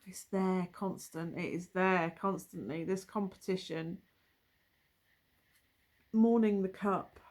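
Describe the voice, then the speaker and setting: A woman's voice: lowish voice, slow pace, long pauses, a little mellow. A woman doing a casual tarot reading, musing and thinking aloud as she turns over cards, with trailing asides. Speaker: tarot reader.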